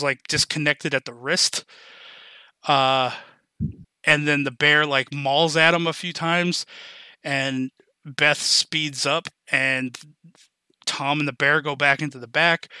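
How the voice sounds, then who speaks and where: Bright-toned man recapping a movie. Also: a little high, clean tone, no room sound. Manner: enthusiastic, rambling retelling with fillers and swearing. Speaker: podcast host. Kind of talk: casual movie recap chat.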